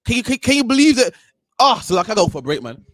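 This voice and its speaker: A man hosting a talk show, ranting in a heated, animated way and tagging sentences with "man". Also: very high voice, fast, dry recording, studio quality. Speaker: podcast host. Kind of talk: ranting casual commentary.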